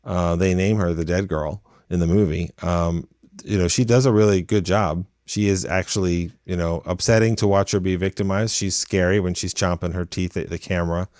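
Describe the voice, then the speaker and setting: Lower-voiced man reviewing films, dry mic. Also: no echo. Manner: blunt, animated, quick restarts. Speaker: podcast co-host. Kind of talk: casual film review chat.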